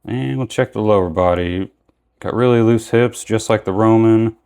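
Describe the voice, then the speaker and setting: A young man with a notably low-pitched voice talks loosely and casually through an action figure unboxing, rambling, backtracking and correcting himself as he goes. He speaks at normal speed in a smooth, slightly mellow voice.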